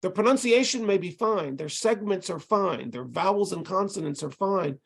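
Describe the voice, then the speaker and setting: This ESL instructor's voice sits high and sounds gravelly and slightly rough, animated at a moderate pace with hardly any pauses. Lecturing tutors online over a video call, he walks through each step and beats out rhythms in syllables.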